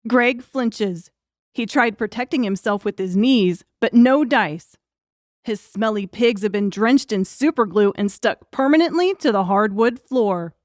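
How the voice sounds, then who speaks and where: A woman's voice: mid-range voice, expressive, a little slow, dry recording. A woman narrating an audiobook in a wry, crude comic storytelling manner.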